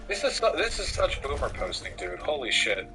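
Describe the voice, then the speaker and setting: A male streamer reacting to a video, sarcastic and profane, rambling through fillers as he goes. His voice swings widely in pitch as he mocks what he sees. Clear music plays underneath. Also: huge pitch swings, normal speed, poor audio. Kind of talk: casual reaction commentary.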